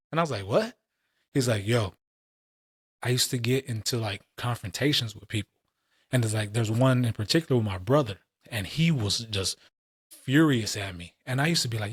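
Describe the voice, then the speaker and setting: A man's voice: mid-range voice, fairly quick, slightly rough, no echo, studio quality. A man in his late twenties or thirties, co-hosting a casual podcast and telling stories in heavy, profane street slang. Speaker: podcast co-host.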